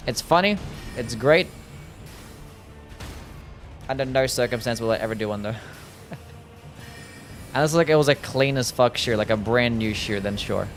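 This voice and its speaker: A man with a light Australian accent chats through a game stream in an easy, unhurried way, trailing off into fillers and laughing often. His voice sits at an ordinary middle pitch, with faint game music running underneath. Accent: mild Australian. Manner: laid-back, easygoing, laughs often, loose with fillers. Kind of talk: casual livestream gameplay chat, reading chat aloud.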